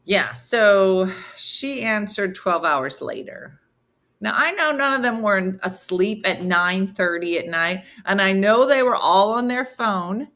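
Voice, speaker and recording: A woman's voice: medium pitch, lively intonation, takes it slowly, fairly bright tone. A middle-aged woman hosting a live morning comedy stream, chatty and laughing as she reads viewer comments aloud.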